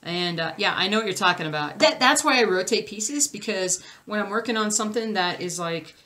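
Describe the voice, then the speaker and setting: A woman's voice: medium pitch, lively intonation, brisk, bright, forceful tone. A young adult woman, a cross stitch vlogger, chatting casually and rambling as she answers viewer comments. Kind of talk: casual livestream chat reading comments.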